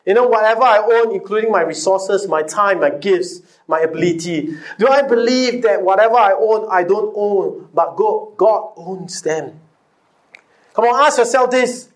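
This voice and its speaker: High-voiced preaching man, rhetorical questions. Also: normal speed. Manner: rhetorical questions and call-and-response with the congregation; repeats key phrases for emphasis. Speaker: pastor. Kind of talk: sermon.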